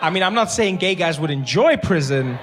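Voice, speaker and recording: A man's voice: high voice, lively intonation, fairly quick, fairly bright tone, a little hiss or hum. A South African man performing stand-up comedy, telling playful stories and often laughing mid-line.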